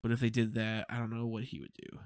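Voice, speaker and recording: A young man gives a loose, rambling recap of a TV episode, peppering it with fillers and swearing. His voice is smooth and clear. The recording is close and dry. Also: medium pitch, completely flat delivery, fast, no echo. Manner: casual, rambling, swears freely, lots of "like". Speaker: TV episode reviewer. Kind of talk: casual spoiler recap.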